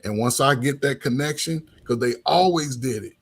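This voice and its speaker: A man's voice: medium pitch, normal speed, slightly rough. A middle-aged man, a coach and former teacher, talking loosely in casual conversation with lots of restarts and filler words.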